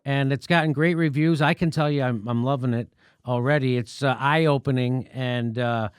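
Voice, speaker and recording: A man's voice: mid-range voice, steady tone, normal speed, clean tone, no room sound, clean studio sound. A man hosting a talk show, chatting casually and rambling through an anecdote with frequent swearing. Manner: rambling storyteller, swears freely. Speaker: host. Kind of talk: casual interview chat.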